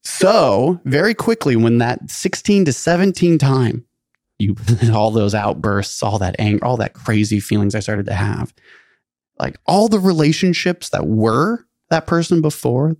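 A man's voice: medium pitch, animated, normal speed, creaky, darkish tone, dry recording, clean studio sound. A man co-hosting a podcast, telling a story in casual, rambling chat, full of fillers and acted-out quotes. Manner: rambling, filler-heavy, acts out quoted voices. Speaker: podcast co-host.

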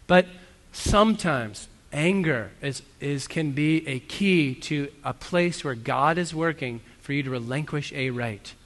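A man's voice: on the high side, measured pace, few pauses, fairly bright tone. A man preaching a sermon as a pastor, earnest and conversational, with self-deprecating asides. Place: church hall. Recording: long reverb of a church hall.

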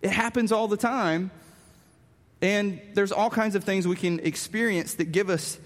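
A man telling a story with animated, self-mocking humor as part of a sermon. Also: sits high, unhurried. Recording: long reverb of a large hall.

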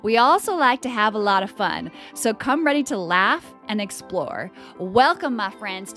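Bubbly animated woman podcast host. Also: mid-range voice, measured pace, hardly any pauses, faint music behind. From California. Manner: bubbly and animated, chatty with laughs. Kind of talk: casual solo podcast monologue.

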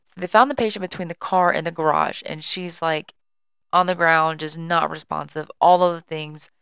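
A woman's voice: low voice, fairly even intonation, normal speed, fairly bright tone, clear, resonant tone, no echo. A young woman hosting a podcast from home, casually and chattily telling a work story and apologizing. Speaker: podcast host and EMS worker. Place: at home on a couch.

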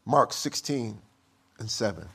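A man preaching a sermon. He speaks emphatically, moving from quiet passages to loud stresses. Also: on the low side, animated, measured pace, breathy edge.

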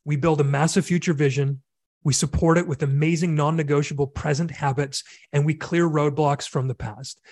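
A middle-aged man with a slightly higher-than-usual voice talks earnestly and reflectively, drifting into long rambles between fillers. The sound is dry and close, with no room around it. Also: fairly even intonation, normal speed, darkish tone, no echo. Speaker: podcast host and men's coach. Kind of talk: casual conversational podcast.

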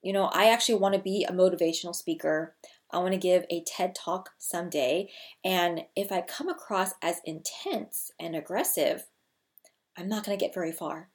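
A woman in her thirties, a people skills coach, talking straight to her viewers in an energetic way and repeating key phrases for emphasis. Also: fairly low pitch, normal speed. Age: 30s. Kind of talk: scripted-feeling casual vlog talk to camera.

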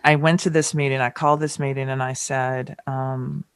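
A middle-aged woman from the American South, a guest in an interview, telling stories candidly and acting out quotes with sudden jumps in pitch. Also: normal speed, clean tone, no echo, clean studio sound. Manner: animated, acts out quotes with pitch jumps and laughter. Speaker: guest, chef and TV personality.

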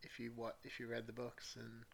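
A man co-hosting a podcast, chatting casually in halting, rambling sentences. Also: medium pitch, completely flat delivery, gravelly. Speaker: podcast co-host. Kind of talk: casual chat.

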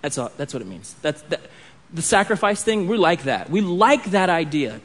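A man's voice: a little high, huge pitch swings, moderate pace. A man in his thirties preaching a sermon in a conversational way, with restarts and asides. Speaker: pastor.

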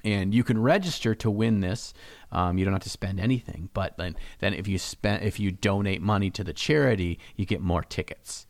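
Low-voiced joking man chatting on a podcast. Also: moderate pace, gravelly, no room sound. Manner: joking, rambling, self-mocking. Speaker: podcast co-host. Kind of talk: casual hobby podcast chat.

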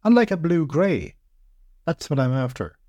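Unfussy fantasy mentor type , read by a man, calm and matter-of-fact, slightly high voice. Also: moderate pace, dry recording, studio quality. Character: older male wizard-like compound owner, dry and matter-of-fact.

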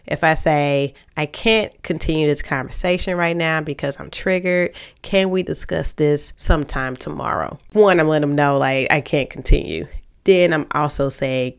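A woman hosting a podcast, giving casual relationship advice in a chatty way, often saying "like" and "um" and acting out example lines. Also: sits low. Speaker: podcast host.

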